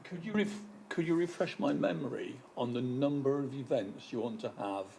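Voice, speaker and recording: A man's voice: mid-range voice, moderate pace, gravelly, warm tone, a little hiss or hum, rough recording. Hesitant man questioning at a hearing. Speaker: licensing panel member.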